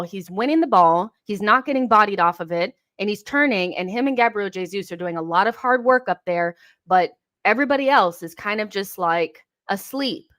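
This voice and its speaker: A young woman hosting a live football watchalong, reacting to the match, swearing and shouting at the players. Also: mid-range voice.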